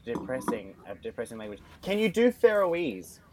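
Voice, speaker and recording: A man's voice: mid-range voice, big pitch swings, normal speed, a little mellow, slightly rough. A man from Australia with an Australian accent in a casual chat, teasing and laughing easily.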